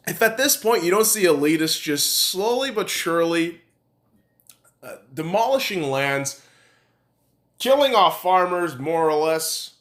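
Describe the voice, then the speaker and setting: A man's voice: sits high, a bit bright. A man hosting a podcast, ranting in a heated, sarcastic, swear-filled monologue. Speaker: podcast host. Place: room in Nevada. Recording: echoey room.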